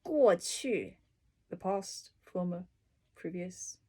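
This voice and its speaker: A woman reading through dictionary entries and explaining each one with everyday examples, in an unhurried, casual way. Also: on the low side, expressive, slightly rough. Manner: unhurried, explaining words with examples, soft asides. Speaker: language tutor.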